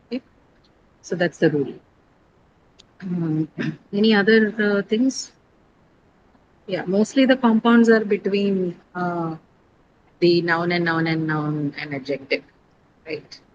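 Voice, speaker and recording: A woman's voice: lowish voice, slow, pauses often, highs cut off, background noise. A woman teaching English stress rules over a video call, explaining patiently, quizzing her students and often checking with "right?". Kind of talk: online class lecture.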